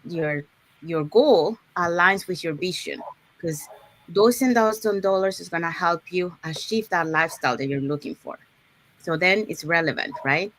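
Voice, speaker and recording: A woman's voice: on the low side, fairly bright tone. A woman presenting an unscripted live online workshop, explaining points step by step and often checking in with the audience by asking "okay?". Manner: unscripted, with fillers and restarts.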